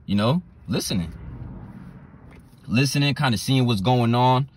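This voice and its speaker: A man preaching a sermon, repeating his phrases and reading scripture verses slowly and deliberately. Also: medium pitch, expressive, a little hiss or hum. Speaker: street preacher.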